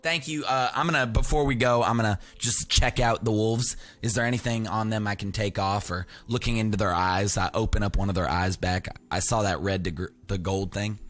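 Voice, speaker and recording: A man playing a tabletop game, chatting in an excitable, playful way. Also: fairly low pitch, brisk, few pauses. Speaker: player. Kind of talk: casual game chat.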